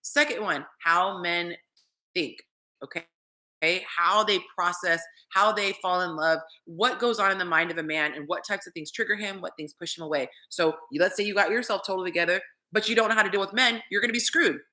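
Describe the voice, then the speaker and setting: A woman dating coach chatting casually on a livestream, animated and talking straight to her viewers. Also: fairly low pitch, brisk.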